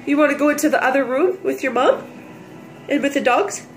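A woman's voice: high-pitched, steady tone, brisk, reverberant. A mother using sing-song baby talk with her infant at home, coaxing and drawn out.

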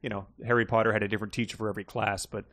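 A man's voice: fairly low pitch, level tone, very fast, a bit bright, a little hiss or hum. A man co-hosting a casual book podcast, making wry, rambling asides about the story. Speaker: podcast co-host. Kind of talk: casual book-review chat.

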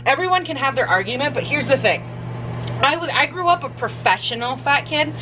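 A woman's voice: sits high, lively intonation, a little fast, far from the mic, music in the background, poor audio. Sassy, chatty young woman baking at home. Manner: sassy, chatty, swears casually. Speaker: vlogger. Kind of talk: casual chat while baking. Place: home kitchen.

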